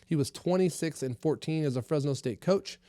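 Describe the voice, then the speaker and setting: Rambling profane podcast host, dry sound. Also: male voice, fairly high pitch, a little fast, mellow, dry recording. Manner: rambling and profane, many fillers. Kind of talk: casual comedy podcast monologue.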